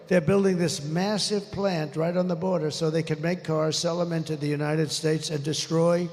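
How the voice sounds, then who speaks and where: A man in his seventies, with a fairly high, steady, slightly mellow voice, delivers a rambling, off-the-cuff political rally speech at a moderate pace. Speaking into a stage microphone over the PA in a large, reverberant venue with faint ambience, he boasts, grumbles, and swears now and then.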